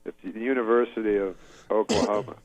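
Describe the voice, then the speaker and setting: A male comedian guest telling a meandering story in a relaxed, chuckling way. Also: on the low side, brisk, a loud crowd. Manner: meandering, laid-back, chuckling asides. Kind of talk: rambling storytelling. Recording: dull lo-fi audio.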